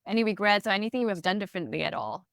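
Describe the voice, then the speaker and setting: A woman's voice: medium pitch, very animated, racing, fairly bright tone, no echo, clean studio sound. A woman hosting a podcast, asking her guest questions and encouraging her to talk. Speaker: podcast host. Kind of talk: interview questions.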